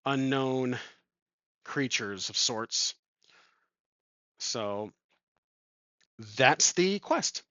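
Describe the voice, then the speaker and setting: A man's voice: medium pitch, big pitch swings, extremely slow, pauses often, fairly bright tone, dry recording. Rambling man narrating a solo RPG. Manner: rambling, thinking aloud with many ums. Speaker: solo tabletop game player. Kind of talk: improvised game narration. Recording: dull lo-fi sound.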